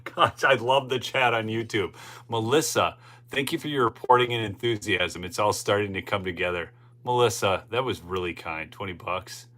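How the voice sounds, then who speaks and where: A man hosts a political commentary livestream, reading the chat and offering casual live commentary. He rambles conversationally, often tagging "okay?" to check in with the audience. His voice is on the low side and fairly bright, at a moderate pace.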